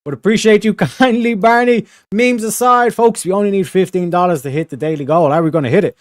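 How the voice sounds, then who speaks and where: A man's voice: high voice, a little fast, no room sound. Chatty young man livestreaming, dry sound. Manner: rambling, full of filler phrases and slang. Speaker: livestream host reading donations. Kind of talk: casual livestream chat.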